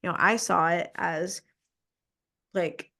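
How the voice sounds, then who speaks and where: A woman's voice: fairly low pitch, steady tone, takes it slowly, gravelly, bright, forceful tone. A woman podcast host telling a personal story in an earnest, emphatic way. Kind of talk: casual conversation.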